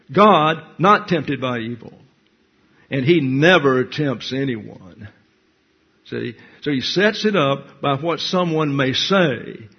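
A man's voice: a little high, slightly rough. A man preaching a Bible class sermon, blunt and teacherly, reading scripture verse by verse and explaining it. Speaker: pastor. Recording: dull lo-fi recording.

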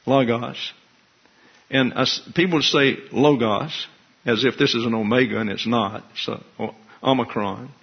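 Husky-voiced man preaching, lo-fi. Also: medium pitch, moderate pace. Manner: wry, conversational teaching with asides. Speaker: pastor. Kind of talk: expository sermon. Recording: dull lo-fi recording.

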